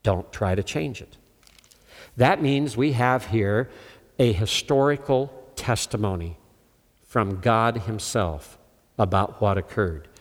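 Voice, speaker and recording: An older man preaching a sermon emphatically, asking his listeners questions and calling on them. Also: medium pitch. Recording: long hall reverb.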